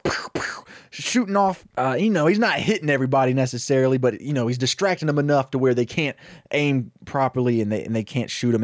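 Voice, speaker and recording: A young man pitches a comedy story in a loose, rambling way, jumping into the characters' voices as he goes. His voice sits a little high, and the recording is close and dry. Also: no echo. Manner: casual, rambling, acts out characters' lines.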